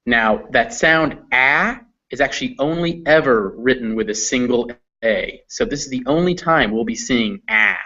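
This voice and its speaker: A man's voice: medium pitch, expressive, normal speed, hardly any pauses, bright, forceful tone. A man tutoring English pronunciation, patiently listing example words one at a time. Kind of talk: slow explanatory teaching. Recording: muffled lo-fi audio.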